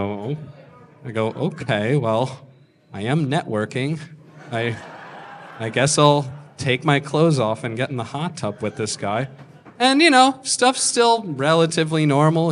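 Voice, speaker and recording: A man in his twenties telling a crude story on stage as a stand-up comedian, deadpan with sudden shouted punchlines. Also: medium pitch. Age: 20s.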